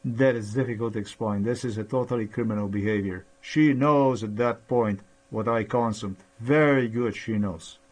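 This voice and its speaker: A man in a rambling personal monologue, halting with many pauses and fillers, sounding aggrieved and accusatory. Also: fairly low pitch, a little mellow. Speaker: vlogger.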